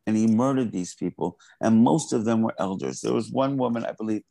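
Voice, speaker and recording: Low gravelly earnest man. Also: a little fast, mellow, no room sound, low-quality recording. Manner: earnest, impassioned, repeats words. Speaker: artist guest. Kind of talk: interview conversation.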